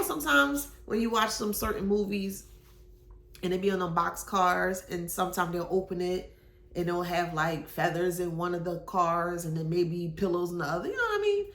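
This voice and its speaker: A woman's voice: lowish voice, gravelly, fairly bright tone, echoey room. A woman doing a casual tarot reading, musing aloud in slangy speech with sudden exclamations. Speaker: tarot reader.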